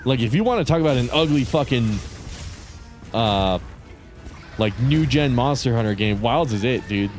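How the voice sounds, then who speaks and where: A young man chatting over his gameplay in a loose, rambling way, swearing often and trailing off mid-sentence. His voice sits at an everyday middle pitch. Faint game music plays softly behind him. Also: lively intonation, moderate pace, pauses often. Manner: rambling, profane, laid-back. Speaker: streamer. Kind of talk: casual gaming commentary.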